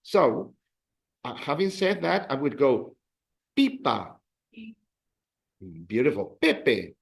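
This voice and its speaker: A man's voice: a little high, a little slow, creaky. A man teaching a beginner language class, explaining rules and leading drills with praise. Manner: animated, drills students with counts and praise. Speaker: Spanish teacher.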